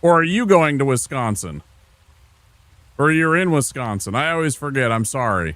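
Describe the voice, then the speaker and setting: A man's voice: mid-range voice, lively intonation, normal speed, a bit bright, no echo. A laid-back man from Minnesota streaming a game, rambling casually and talking to viewers by name. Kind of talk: casual gameplay chat with chat.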